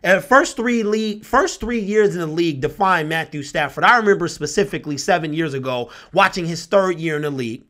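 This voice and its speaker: A man's voice: on the high side, animated, a little fast, few pauses, pushed and bright. A young man ranting with passion and exasperation about his team's loss, repeating himself as a sports vlogger.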